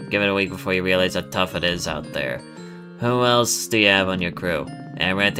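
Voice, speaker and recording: A man's voice: sits low, lightly acted. A man doing sneering coworker Paula. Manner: sneering, dismissive. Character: scornful gruff coworker Paula, bitter and sneering.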